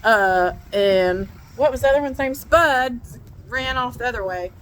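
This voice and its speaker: Animated woman telling a story. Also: a little high, a little slow, slight background noise, low-quality recording. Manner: animated, laughing, shouting quoted lines. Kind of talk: casual storytime vlog. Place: outdoors on a ranch.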